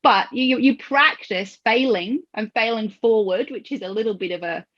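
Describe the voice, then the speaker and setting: A woman hosting a podcast, telling stories with lively acted-out quotes and frequent laughter. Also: on the high side, moderate pace. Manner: animated storyteller who acts out quoted voices and laughs often. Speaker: podcast host. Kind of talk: conversational podcast discussion. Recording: dull lo-fi audio.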